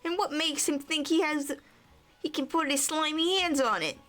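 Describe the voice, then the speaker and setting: A woman voicing a gruff, short-tempered man who hoards treasure, talking in a threatening, blustery way. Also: sits high, moderate pace, a bit bright, faint music behind, pitched above the performer's own voice. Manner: threatening, blustery, with a half-tried tough-guy accent.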